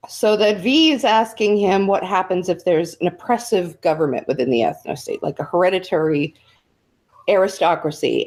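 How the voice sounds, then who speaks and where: A woman with a lowish voice hosts a casual livestream discussion. She recaps events with sarcastic asides, told in a loose, chatty storytelling way. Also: a little mellow. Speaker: show host.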